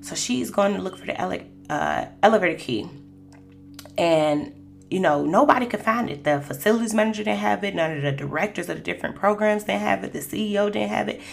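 A woman's voice: mid-range voice, expressive, brisk, vocal fry, a little hiss or hum. A woman hosting a Christian podcast, telling personal faith stories in a conversational way with lots of "you know.". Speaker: podcast host.

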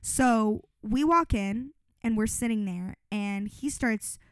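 A woman in her twenties co-hosting a podcast, telling a story in a casual, animated way, swearing freely and saying "like" a lot. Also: on the high side, slow, smooth, no room sound. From Los Angeles. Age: 20s. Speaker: podcast co-host.

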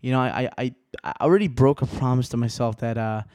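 Young male solo podcaster, twenties, rambling and profane, moody swings from hushed to riled up, dry room. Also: medium pitch, quick pace, dry recording. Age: 20s. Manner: profane, rambling, restarts often; swings between quiet musing and riled-up rants.

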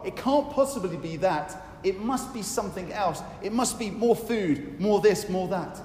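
Male preacher, sermon delivery, earnest and halting, church hall echo. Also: sits high, darkish tone. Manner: earnest, with fillers and restarts, slowing on scripture lines. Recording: echoey hall with faint noise.

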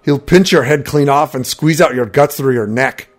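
A man voicing a gruff, impatient male Nord warrior in a fantasy audiobook, snapping his lines. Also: moderate pace, close to an everyday voice. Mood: wry. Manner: barks his lines louder and higher than the narration. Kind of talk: audiobook character voice.

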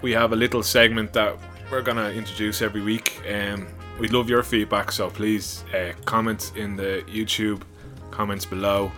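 A man's voice: on the low side, level tone, normal speed, few pauses, over music. A man hosting a podcast, laughing along with his co-host and introducing the next segment in a laid-back way.

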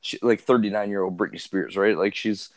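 A man co-hosting a podcast, telling crude stories in a laid-back, halting way with lots of fillers. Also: lowish voice, steady tone, no echo. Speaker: podcast co-host. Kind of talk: crude casual chat.

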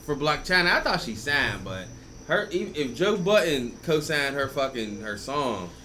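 A young man co-hosting a comedy chat, full of fast profane banter. His voice is bright and sharp and swings widely up and down. Faint hiss sits behind it. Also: fairly high pitch. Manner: quick joking banter, profane, lively. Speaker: podcast co-host.

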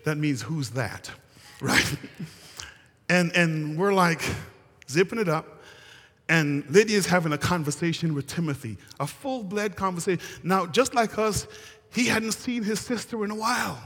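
A man's voice: high voice, moderate pace, fairly bright tone, long reverb tail. A male pastor preaching a sermon, telling a story and calling out to the congregation.

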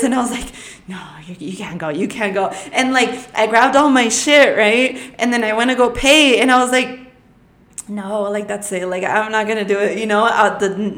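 Swearing, animated woman podcast host. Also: a little high, echoey room. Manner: blunt, swears freely, animated storytelling. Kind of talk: casual chat.

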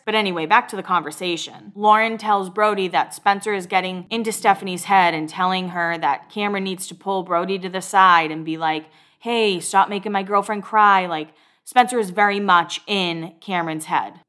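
Young woman, podcast host, casual chatty recap, curses freely, mid pitch. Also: normal speed, hardly any pauses, fairly bright tone. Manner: chatty, swears casually, acts out quotes. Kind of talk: casual chat.

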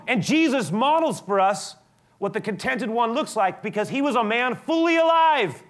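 A man preaching a sermon, animated, building to loud emphatic peaks and dropping to soft tones, often restarting his sentences. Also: high-pitched, fairly quick. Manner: frequent restarts and repetitions. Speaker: pastor.

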